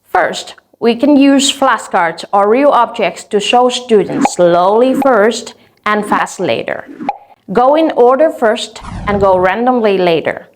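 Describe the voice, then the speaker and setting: A woman with a Vietnamese accent giving an instructional lesson on teaching English vocabulary, speaking clearly and deliberately and drawing out example words slowly. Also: fairly high pitch, slight background noise.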